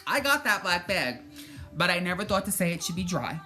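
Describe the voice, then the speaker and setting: A woman's voice: on the low side, big pitch swings, fairly quick, bright, forceful tone, faint music behind. A woman vlogger giving casual spiritual motivation talk, chatty and joking, cursing freely and acting out her own reactions.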